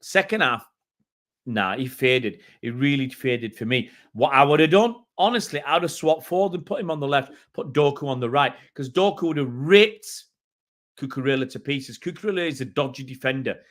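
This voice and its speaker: A man's voice: medium pitch, expressive, moderate pace, a bit bright. A middle-aged man from England hosting a fan channel live stream, ranting in exasperation and repeating himself. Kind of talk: live-stream match reaction.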